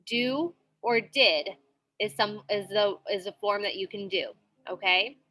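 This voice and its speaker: In a classroom, a woman teaches a grammar lesson patiently, repeating herself and checking in often with frequent "okay?"s. Her medium-pitched voice is level, pushed, and bright, at normal speed.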